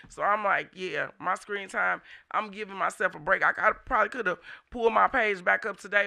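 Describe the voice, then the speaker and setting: Gravelly, high-pitched St. man ranting. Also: pushed and bright. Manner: heated, profane, blunt. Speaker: show host. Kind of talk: unscripted ranting monologue.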